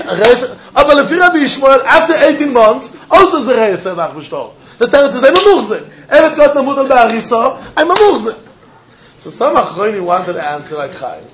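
High-voiced man teaching Talmud, lo-fi. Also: a little hiss or hum. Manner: animated, asks and answers his own questions, laughs often; mixes English with Yiddish and Hebrew terms. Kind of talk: lively Talmud class lecture. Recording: dull lo-fi recording.

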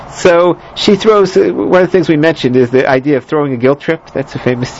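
Fairly high-pitched and steady, a Bible teacher talks a little fast with few pauses during his scripture lecture. He rambles, using lots of fillers, restarting sentences, and tossing in jokes, all in a dull lo-fi recording with slight hiss or hum.

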